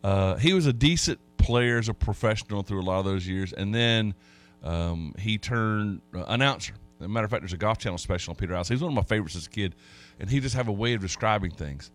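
A man's voice: on the low side, animated, fast, soft background music. A man hosting a sports talk radio show, telling stories in a folksy, rambling way with many restarts. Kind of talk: casual sports radio chat.

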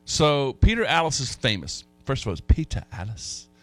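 A man's voice: mid-range voice, big pitch swings, moderate pace, soft background music. A man hosting a sports talk radio show, telling stories in a folksy, rambling way with many restarts. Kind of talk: casual sports radio chat.

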